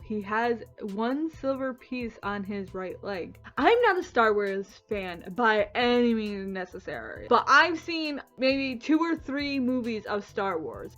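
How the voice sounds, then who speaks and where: A young woman with a high voice talks straight to the camera, casual and animated, and keeps bursting into disbelieving, swearing outbursts. The sound is dull and lo-fi, with faint music underneath. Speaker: vlogger. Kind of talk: reacting to Mandela effects, casual vlog.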